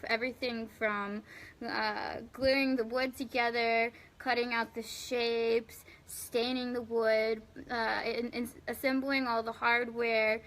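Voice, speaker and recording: A bubbly young woman chats on a live stream, her voice sitting a little high. She rambles through her answers with fillers and giggles, thanking viewers warmly by name. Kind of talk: casual live chat reading viewer comments.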